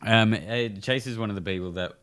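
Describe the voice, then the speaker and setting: A man on a podcast chatting casually, rambling through deadpan made-up facts and jokes. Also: on the low side, a little fast, clean tone. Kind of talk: casual chat.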